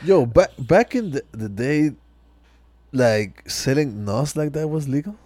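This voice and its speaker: A man's voice: mid-range voice, expressive, a little slow, a little mellow, dry recording. A man co-hosting a podcast, chiming in with laid-back slang and curious questions. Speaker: podcast co-host. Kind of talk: casual chat.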